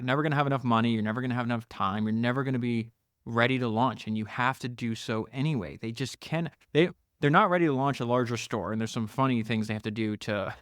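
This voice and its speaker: Enthusiastic podcast guy retelling a founder story, middle pitch, dry close sound. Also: no room sound. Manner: enthusiastic, frequent restarts and "you know". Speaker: podcast host. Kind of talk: retelling a biography, casual podcast talk.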